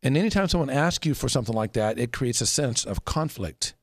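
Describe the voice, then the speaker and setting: Man hosting a chat, coach-like explainer, lively intonation, dry sound. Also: mid-range voice, fairly quick, no echo. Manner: coaching, explains with points and tips. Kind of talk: casual talk show discussion.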